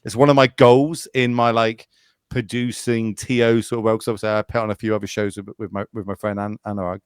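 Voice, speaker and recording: Swearing freely, a podcast guest who casts Magic tournaments tells fast, meandering stories in a casual way. His voice is lowish and smooth with a flat delivery, and the recording is dry and studio quality.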